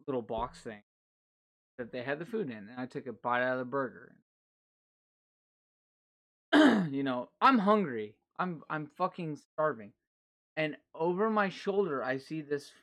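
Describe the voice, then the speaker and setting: A man hosting a casual podcast, telling stories with lots of swearing and acted-out quotes. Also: on the high side. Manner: animated, heavy swearing, acts out quotes. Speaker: podcast host.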